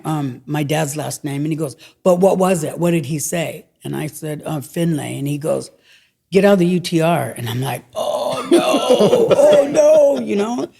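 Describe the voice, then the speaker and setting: A woman's voice: low voice, vocal fry. A middle-aged woman telling a story in casual chat, acting out what people said. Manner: animated storyteller acting out quotes. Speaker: guest, longshore worker.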